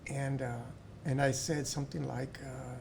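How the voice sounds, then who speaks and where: A man's voice: medium pitch, flat delivery, moderate pace, gravelly, noisy background. A man, a pharmacy owner and school board member, talking earnestly in a casual interview and often restarting his words.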